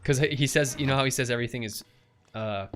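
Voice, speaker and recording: A man's voice: medium pitch, quick pace, fairly bright tone, a little hiss or hum. A young man chatting casually on a livestream while he plays, throwing in goofy made-up sound words. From USA. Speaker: streamer.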